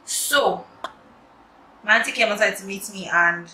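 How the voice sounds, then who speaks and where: Young woman, casual vlogger, bright tone, room echo and faint background noise. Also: medium pitch, unhurried. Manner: chatty, animated, drops to quiet asides. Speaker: wig maker vlogger. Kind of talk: casual storytelling tutorial. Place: room at home at night. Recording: echoey room, distant mic, faint noise.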